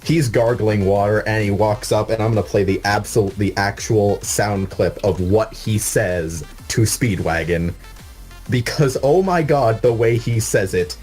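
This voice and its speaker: Low-voiced man telling a story. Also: unhurried. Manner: excitable, swears, animated retelling. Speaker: co-host. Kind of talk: casual comedic storytelling. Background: faint background music.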